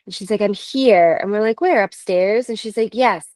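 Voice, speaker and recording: A woman in her thirties from Canada, telling a ghost-hunt story in an animated, chatty way, laughing often and quoting others. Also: medium pitch, normal speed, no room sound. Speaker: paranormal investigator guest. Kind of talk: casual storytelling.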